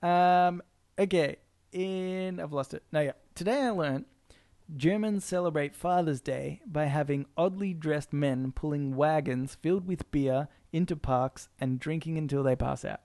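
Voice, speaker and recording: A young man riffing through a casual podcast chat, his voice a little high and full of gravelly fry. He laughs a lot and slips into mock voices when he quotes people. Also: a little slow. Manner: joking, laughs often, animated quoting voices. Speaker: podcast co-host.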